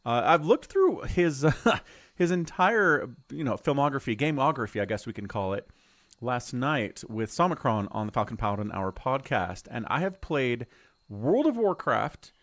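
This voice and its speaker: Lively chatty male game streamer. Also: medium pitch, no room sound. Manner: chatty, rambling, explains as he plays. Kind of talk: casual live-stream commentary.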